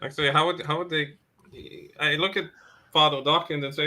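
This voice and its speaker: A man's voice: on the high side, fairly even intonation, brisk, sharp tone. A man playing a tabletop role-play game, describing his character's actions casually. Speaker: player.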